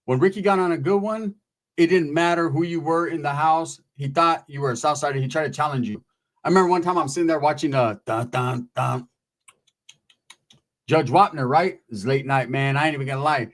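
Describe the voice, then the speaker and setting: Relaxed, foul-mouthed storyteller, a slightly high man's voice. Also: quick pace. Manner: laid-back, profane, slangy. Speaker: comedian storyteller. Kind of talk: comedic storytelling.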